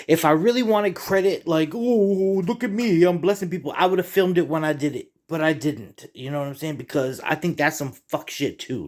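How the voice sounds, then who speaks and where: A man's voice: a little high, darkish tone. A middle-aged man vlogging in a casual, rambling monologue, profane and heated as he digresses.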